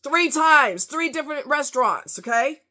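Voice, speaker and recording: A woman's voice: high-pitched, expressive, moderate pace, pushed and bright. A woman ranting angrily to camera, cursing heavily with heated, emphatic delivery. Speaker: vlogger. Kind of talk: angry rant to camera.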